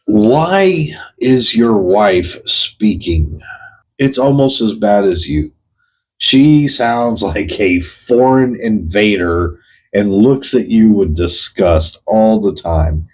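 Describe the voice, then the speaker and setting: On his own show, a host with a fairly low, expressive voice delivers a slow, blunt, profane ranting monologue. He fires pointed questions straight at the person he's addressing, and the recording quality is low.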